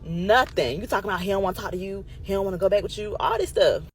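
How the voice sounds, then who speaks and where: Animated, profane woman telling a story. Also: mid-range voice, fast, rough recording. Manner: animated, emphatic, profane, addresses listeners as y'all. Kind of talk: casual storytime monologue.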